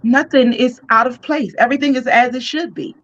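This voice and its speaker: A woman's voice: sits high, brisk, a bit bright, dull audio. A woman putting on a falsely sweet, scheming sorceress.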